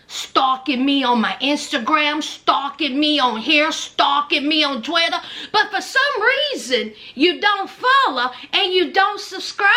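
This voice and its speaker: A woman vlogger talks through a reality-show recap in a sassy, chatty way, calling her viewers honey and child. Her voice sits very high and bright. She takes her time, drawing her words out slowly.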